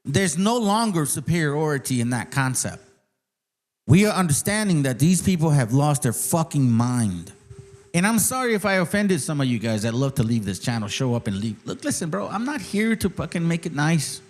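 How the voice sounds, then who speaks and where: A man's voice: on the high side, big pitch swings, normal speed. Heated, profane man ranting at viewers. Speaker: channel host. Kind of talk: ranting commentary on a clip.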